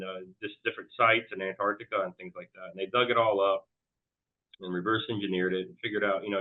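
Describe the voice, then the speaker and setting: Rambling man on a tinny line. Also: medium pitch. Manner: rambling, loose, many fillers and restarts. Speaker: guest. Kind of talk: casual storytelling interview.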